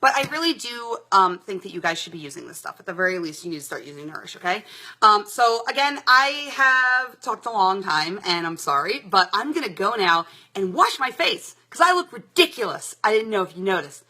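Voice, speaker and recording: During a live product demo, a young adult saleswoman keeps things chatty and upbeat, her speech full of fillers like "like" and "um." Her mid-range voice is very animated, pushed and bright, and she talks a little fast.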